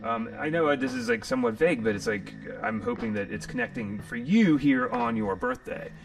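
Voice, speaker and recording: A man's voice: mid-range voice, sing-song, fairly quick, vocal fry, recorded from a distance, music in the background. A man hosting a live tarot reading stream, rambling and jokey, sometimes profane. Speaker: tarot reader and stream host.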